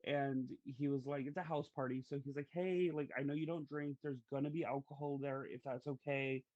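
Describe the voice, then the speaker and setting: A man's voice: medium pitch, steady tone, moderate pace, a little mellow, dry recording, dull audio. A man hosting a podcast, telling stories in a chatty, casual way. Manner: chatty, storytelling, uses fillers. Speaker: podcast host. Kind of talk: casual conversation.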